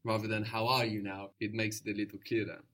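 A man's voice: fairly low pitch, level tone, fairly bright tone. Patient man teaching a language lesson. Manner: patient, encouraging, explains slowly with repetition.

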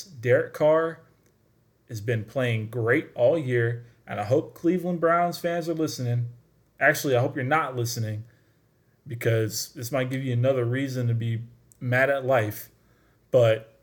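A man's voice: medium pitch, measured pace. A man delivering a solo sports talk monologue, chatty and emphatic, speaking straight to his listeners. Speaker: sports commentator.

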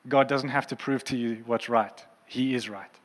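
Male pastor, mid-pitched, impassioned and earnest sermon delivery, long church-hall reverb. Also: steady tone, normal speed. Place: church auditorium.

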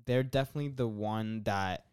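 Chatty man, smooth voice, dry close mic. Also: on the low side, moderate pace, darkish tone, dry recording. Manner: chatty, rambling, lots of fillers and laughs. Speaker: podcast co-host. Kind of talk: casual football chat.

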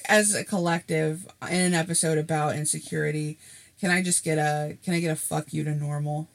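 A co-host on a casual podcast, with a strongly gravelly, creaky voice. They speak earnestly and reflectively, at a middle pitch. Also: steady tone, a little fast.

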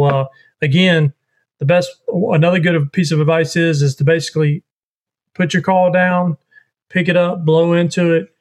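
A man explaining duck-calling practice step by step in a casual chat, repeating his points. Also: fairly high pitch. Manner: explains step by step, repetitive phrasing.

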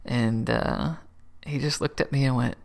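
A middle-aged man sharing his personal faith testimony in an earnest, emotional way, with soft laughs and words that drop to a whisper. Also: medium pitch, steady tone, measured pace, vocal fry. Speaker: Christian testimony speaker.

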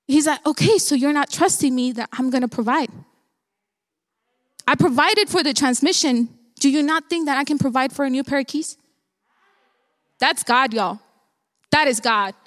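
A young woman telling a personal faith story to her viewers, animated, acting out quoted dialogue. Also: high-pitched, long reverb tail.

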